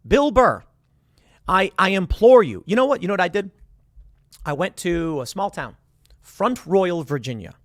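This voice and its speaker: A male host delivering political commentary, arguing and sarcastic. His voice rises and falls widely and sits a bit higher than most men's. The sound is dry and close. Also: normal speed, dry recording. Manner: animated, argumentative and sarcastic.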